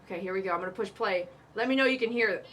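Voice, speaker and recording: A woman's voice: medium pitch, rapid-fire, fairly bright tone, a little hiss or hum. A woman who works as a pet groomer, hosting a live stream in a casual, emphatic way and repeating her warnings with chatty asides.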